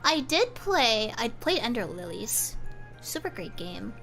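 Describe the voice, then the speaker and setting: A young woman streaming and chatting casually, rambling and animated, with frequent laughter. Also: on the high side, unhurried, gravelly, soft background music. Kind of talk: casual chat.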